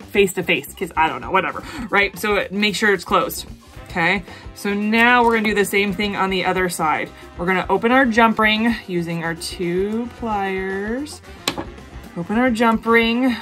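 A woman hosting her own jewelry-making tutorial, chatty and bubbly, gushing with excitement as she talks viewers through each step. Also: medium pitch. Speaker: jewelry-making video host. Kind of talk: casual craft tutorial.

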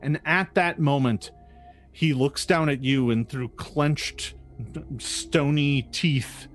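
Man, game master, slow unhurried narration, vivid scene description, faint music behind. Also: fairly high pitch.

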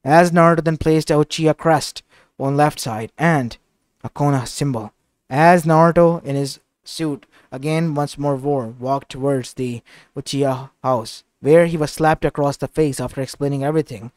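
A man's voice: a little high, moderate pace, no echo. Rambling man narrating a fan story. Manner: rambling, with frequent restarts. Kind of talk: casual fan-fiction narration.

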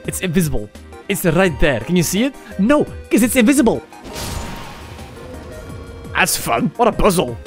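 Young male streamer, high and lively voice, crude excitable play-by-play, faint music underneath. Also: normal speed, pauses often. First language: Dutch. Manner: excitable, crude jokes, sudden yelps and laughs. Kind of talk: casual let's-play commentary.

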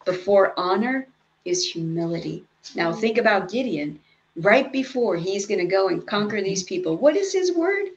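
A woman's voice: medium pitch, lively intonation, moderate pace, muffled recording. A woman leading a casual Bible study, reading scripture aloud and then explaining it in chatty asides.

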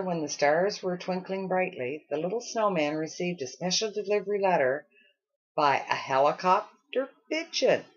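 A woman reading a children's storybook aloud with expressive storytelling. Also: fairly low pitch, slightly rough, dull audio. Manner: expressive storytelling with acted character lines. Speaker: storybook reader.

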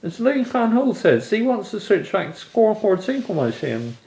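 A man's voice: high voice, big pitch swings, moderate pace, creaky, mellow. A young man from England ranting angrily about his football team's loss, swearing and exasperated. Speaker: football fan vlogger. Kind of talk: angry fan rant to camera.

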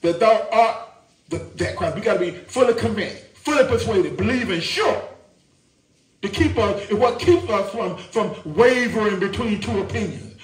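A man's voice: high voice, normal speed. A man preaching a sermon, who repeats his words and keeps asking the congregation to agree. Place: church. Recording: echoey church from far off.

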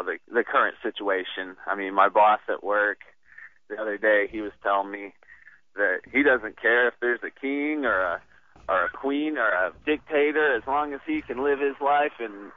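A man calling in to a radio talk show, speaking haltingly with frequent restarts and short laughs. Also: lowish voice, no room sound. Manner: halting, restarts often, laughs while talking. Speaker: caller. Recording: tinny dry phone line.

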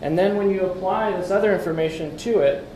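A man's voice: high voice, fairly quick, mellow, a little hiss or hum. Man lecturing in an echoey hall. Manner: conversational, asks the audience questions, wry asides. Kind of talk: conference talk with slides. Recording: echoey room, faint background ambience.

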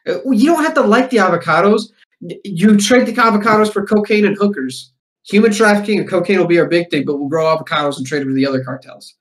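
Podcast co-host, man, higher-pitched, playful and crude banter. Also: quick pace. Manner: joking, pitches wild schemes, swears casually. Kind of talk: casual chat.

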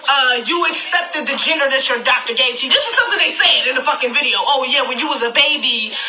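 A woman's voice: sits high, sharp tone, echoey room, slight background noise, rough recording. A woman giving a blunt, profane reaction, laughing as she talks. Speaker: co-commentator.

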